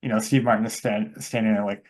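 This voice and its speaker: This man co-hosts a casual movie podcast, speaking fast with a fairly low pitch and a flat delivery. He rambles, drops lots of fillers, and acts out quoted lines from the scenes he's retelling.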